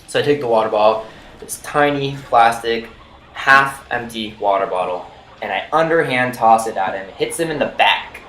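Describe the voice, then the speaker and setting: A man's voice: mid-range voice, normal speed, a bit bright. A young man casually telling a story from his school days, rambling with lots of "like" and "you know". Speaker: vlogger. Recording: roomy echo with faint noise.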